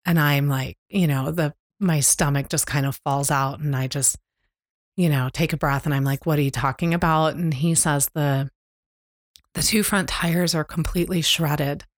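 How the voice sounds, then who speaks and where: A middle-aged woman co-hosting a podcast, candidly retelling a stressful family road trip in a halting, emotional way. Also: low-pitched, steady tone, no room sound, studio quality. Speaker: podcast co-host. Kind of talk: casual storytelling chat. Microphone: close podcast mic.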